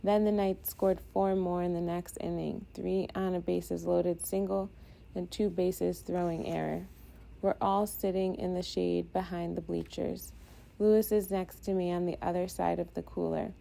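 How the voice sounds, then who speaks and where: A woman reading a first-person audiobook in a steady, introspective way. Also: on the low side, measured pace, creaky. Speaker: audiobook narrator.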